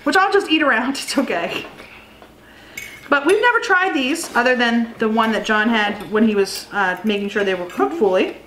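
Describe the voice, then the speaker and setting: Bright chatty woman in echoey room. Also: fairly high pitch, expressive, moderate pace. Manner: chatty, reads out a list at length. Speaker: co-host. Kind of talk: casual mukbang chat. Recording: echoey room, some background noise.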